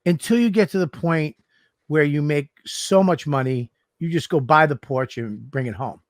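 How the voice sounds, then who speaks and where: A man's voice: fairly high pitch, moderate pace, dry recording, clean studio sound. A man co-hosting a podcast, telling profane stories animatedly in casual chat. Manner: animated, profane storytelling with mock voices. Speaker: podcast co-host.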